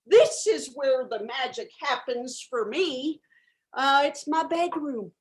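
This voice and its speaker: A high, slow, drifting voice belongs to a spacey new-age guru who rambles dreamily about sex and spirit, as a woman acts her out in improv. She is self-absorbed and takes her time, heard over a video call from a bedroom. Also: animated. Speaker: improv performer. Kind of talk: improvised character comedy. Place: home bedroom.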